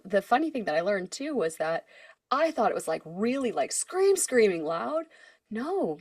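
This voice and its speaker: A young woman, a singer, co-hosting a podcast in casual chat, telling stories with lively acted-out quotes and frequent laughter. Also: medium pitch, no room sound, clean studio sound. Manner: animated storyteller, acts out quotes, laughs often.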